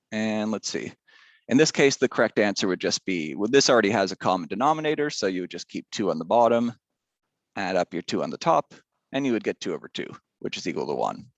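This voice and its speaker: A man's voice: on the low side, dry recording. A male teacher giving a casual math lesson, chatty and rambling, drifting into side stories.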